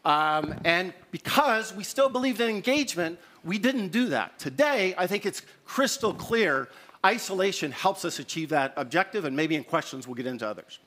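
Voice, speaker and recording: A man's voice: high-pitched, lively intonation, moderate pace, pushed and bright, slight background noise. A middle-aged man giving an unscripted opening statement on a conference stage, candid and conversational, hurrying against the clock. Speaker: debater. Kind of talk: extemporaneous debate opening statement.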